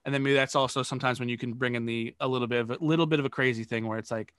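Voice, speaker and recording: A man's voice: mid-range voice, fairly even intonation, racing, few pauses, a bit bright, clear, resonant tone, dry recording, studio quality. A man on a podcast, coaching improv in a rambling, casual way with lots of fillers.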